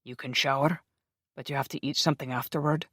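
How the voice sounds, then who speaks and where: A surly male Highlander vampire soldier, put on by the audiobook narrator, with a thick Scottish brogue and a low, clipped growl. He sounds bossy and short-tempered, and the voice has a different timbre from the narration around it, recorded dry and close. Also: fairly even intonation, quick pace, bright, forceful tone, no echo. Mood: gruff.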